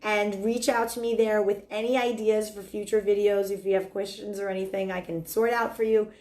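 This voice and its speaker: A middle-aged woman talks straight to the listener about dating, earnest and animated. Her voice sits in an ordinary middle pitch, and her speech is loose and chatty, full of likes and ums. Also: fairly quick. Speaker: dating coach. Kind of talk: casual advice monologue to camera.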